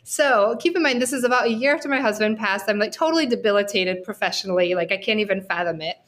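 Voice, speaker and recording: A woman's voice: mid-range voice, fast talker, fairly bright tone. A woman guesting on a podcast, a researcher sharing a personal story in a candid, heartfelt, talkative way. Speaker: guest, social work researcher.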